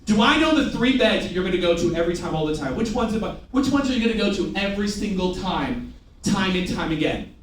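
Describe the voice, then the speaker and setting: A man's voice: high voice, expressive, fast, slight background noise. A man leading a live sales training seminar, drilling an audience in call-and-response and teasing them with jokes. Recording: very echoey room, mic at a distance.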